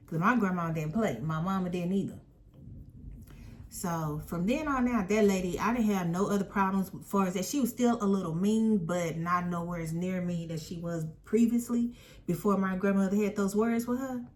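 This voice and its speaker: A woman casually telling a personal story in an animated, emphatic way. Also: mid-range voice, normal speed. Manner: animated, emphatic retelling with quoted voices.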